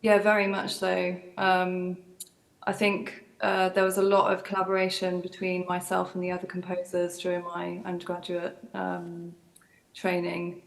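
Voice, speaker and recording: Flat, gravelly young woman composer. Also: fairly low pitch, normal speed, rough recording. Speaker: composer on a panel. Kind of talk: panel answer.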